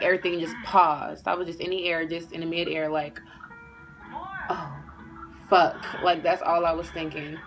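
A young woman in a neck brace telling a story in an animated, profane, casual way and acting out everyone's voices. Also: on the low side, rough recording. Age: young adult. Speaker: vlogger.

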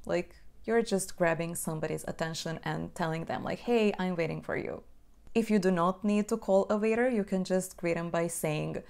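Smooth low-voiced Portuguese teacher. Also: female voice, a little mellow. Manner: explains plainly, then repeats phrases slowly to demonstrate. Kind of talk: language lesson.

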